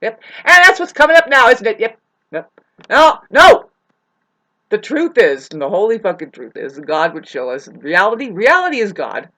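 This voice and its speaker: A woman talking straight to her viewers in a rambling, profane rant. Her voice swings widely up and down, and she often stops mid-sentence, restarts and calls her listeners "babe". Her pitch sits in an ordinary middle range. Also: very animated, normal speed, sharp tone. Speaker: vlogger. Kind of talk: rambling spoken rant to camera.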